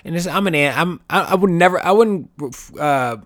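A man's voice: sits high, moderate pace, no room sound, studio quality. Profane man ranting on a podcast. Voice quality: profane, rambling, animated when quoting others. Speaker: podcast host. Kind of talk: casual monologue.

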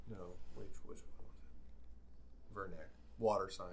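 A man playing a tabletop game, thinking aloud in a relaxed way as he describes his moves. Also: sits low, moderate pace, creaky, slight background noise. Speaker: player. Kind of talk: casual tabletop play.

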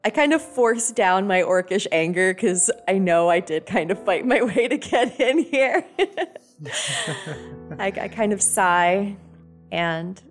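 A woman plays a tabletop game, speaking with feeling as her mother character. She talks at an unhurried pace. Faint music sits under her voice. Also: medium pitch. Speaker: player. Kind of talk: tabletop role-play.

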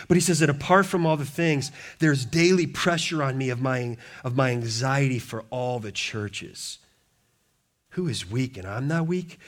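Passionate preaching man, higher voice. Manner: passionate, emphatic preaching with repeated phrases. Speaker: pastor. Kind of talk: sermon.

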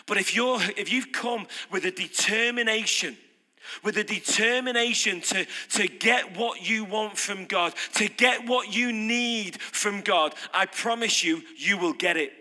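A man's voice: high voice, unhurried, bright, forceful tone. A man preaching an off-the-cuff sermon, emphatic and repeating phrases for punch. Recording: long hall reverb.

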